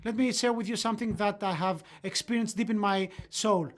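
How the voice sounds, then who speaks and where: A live voice-over interpreter carries a parenting lecture sentence by sentence. The delivery is halting, with frequent fillers and quick self-corrections, at a middle pitch.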